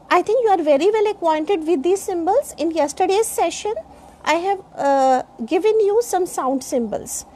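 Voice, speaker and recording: A woman teaching pronunciation in a lecture, spelling words out letter by letter and often pausing with fillers. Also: very high voice, lively intonation, warm tone, a little hiss or hum. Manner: slow, explains step by step, spells words letter by letter; frequent fillers like uh and you know. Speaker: English speaking teacher.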